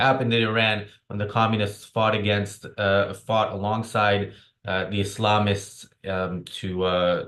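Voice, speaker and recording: A jet-lagged man co-hosting a casual political discussion, speaking haltingly and restarting often. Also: on the low side, a bit bright. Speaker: podcast co-host. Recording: roomy echo.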